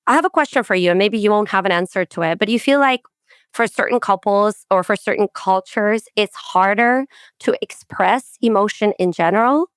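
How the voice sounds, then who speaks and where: A woman's voice: a little fast, clear, resonant tone, no echo, clean studio sound. A woman hosting a podcast, talking casually and animatedly, acting out quoted phrases. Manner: chatty and animated, acts out quotes with rising pitch and laughter. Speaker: podcast host. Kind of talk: casual interview chat.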